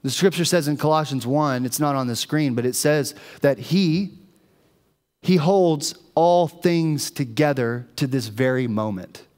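Speaking at a measured pace, a man with a somewhat high voice delivers a sermon as pastor, recounting stories with animation to the people in the pews. Long church-hall reverb surrounds the sound.

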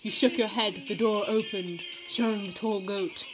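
A woman's voice: medium pitch, steady tone, normal speed, over music, rough recording. A woman reading fanfiction aloud in a casual, playful way, often breaking into laughter. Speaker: fanfiction reader.

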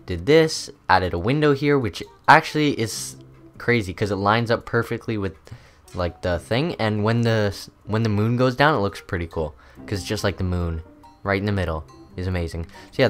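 Young guy with a kinda low voice rambling through his game, lots of ums, bit of music in the back. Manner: rambling, chatty, many ums and uhs. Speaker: gaming channel host. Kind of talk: casual gameplay commentary.

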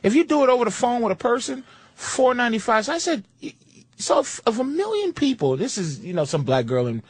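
A man with a high, very lively voice, talking on a radio show. He tells his stories in an animated, profane way, swinging his pitch up and down. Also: quick pace, husky, no echo. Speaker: comedian guest. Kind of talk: casual radio talk.

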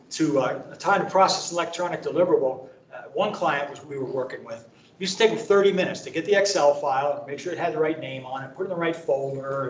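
Chatty trainer in an echoey room. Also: male voice, far from the mic, slight background noise. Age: middle-aged or older. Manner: conversational, filler-heavy, anecdotal sales pitch. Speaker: presenter at a training event. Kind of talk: conference training talk. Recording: echoey room, speaker away from mic.

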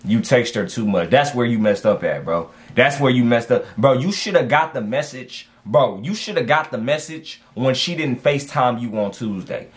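A man giving casual dating advice as he reacts to text messages, animated and slangy, repeating lines for emphasis. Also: mid-range voice, normal speed, hardly any pauses.

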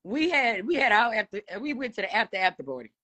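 A young woman with a Southern US accent, hosting a casual livestream chat, loud, playful and teasing. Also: on the high side, big pitch swings, quick pace. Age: young adult. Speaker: DJ and livestream host. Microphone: phone on a live video call.

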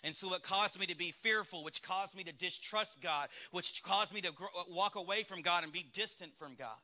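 A man's voice: high-pitched, normal speed, bright, forceful tone. A male pastor with a Southern US accent preaching a sermon in a church, speaking candidly and asking the congregation rhetorical questions. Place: church sanctuary.

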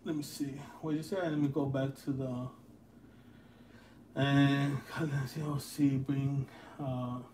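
A man's voice: mid-range voice, little pitch movement, slow pace, pauses often, darkish tone, slight background noise. A man hosting a casual livestream card break, laid-back and friendly with viewers, calling them brother and man. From Chicago area.

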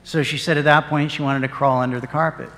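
Man, priest, sermon, fairly high voice, earnest storytelling, long church echo. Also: level tone, quick pace, a bit bright. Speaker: parish priest.

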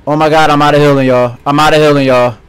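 A man's voice: fairly high pitch, flat delivery, fast talker, clear, resonant tone. A young man commenting live as he plays a horror game, jumpy, swearing often and talking straight to his viewers. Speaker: gaming streamer.

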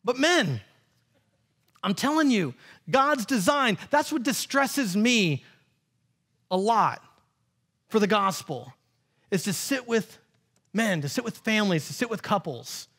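High-voiced animated man preaching. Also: slow, pauses often, breathy edge. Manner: animated, acts out quotes in funny voices. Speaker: pastor. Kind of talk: sermon. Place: church sanctuary.

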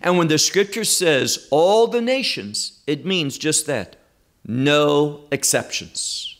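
A man teaching a Bible study lesson, emphatic and measured, repeating key phrases for stress. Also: a little high, lively intonation, a bit bright.

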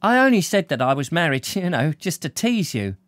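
Guy putting on a cheeky blonde girl, high and wheedling, begging him to stay. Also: sing-song, moderate pace, a bit bright, no room sound. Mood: pleading. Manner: pleading, cockney working-class speech. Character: brash young London blonde woman, coaxing.

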